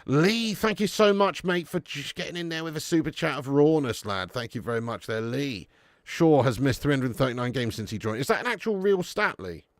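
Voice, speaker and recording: Excitable man doing live football watch-along. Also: a little high, a little fast, dry recording, studio quality. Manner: excitable, swears freely, chats to viewers. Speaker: fan watch-along commentator.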